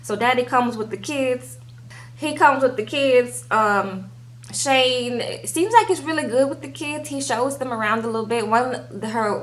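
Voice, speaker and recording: A woman's voice: on the high side, a bit bright. A young woman giving a casual recap of a reality TV episode, chatting away and tagging her sentences with "okay?". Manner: acts out the cast members' lines. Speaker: TV show recap vlogger.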